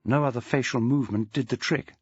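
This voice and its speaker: A man's voice: medium pitch, fast, breathy edge, no echo, lo-fi sound. A man narrating an audiobook in a dry, wry storytelling manner. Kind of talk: scripted narration.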